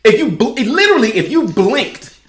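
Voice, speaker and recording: A woman on a podcast panel, telling her story in an animated, emphatic way in casual chat. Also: a little high, normal speed, echoey room, slight background noise. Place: podcast studio room.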